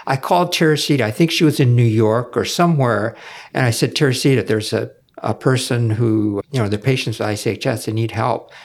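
A man's voice: medium pitch, fairly quick. A man, a podcast guest, telling a rambling personal story with lots of fillers. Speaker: guest, former foundation executive director. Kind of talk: casual storytelling.

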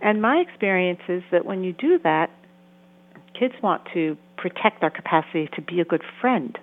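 A woman's voice: lowish voice, lively intonation, normal speed. A woman therapist and author giving earnest interview answers, sometimes acting out the voices she quotes. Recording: tinny phone-like sound.

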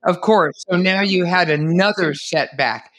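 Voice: medium pitch, a little slow, fairly bright tone. An interview host who guides the conversation, recapping the story and asking follow-up questions. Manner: guiding, sums up and asks follow-up questions.

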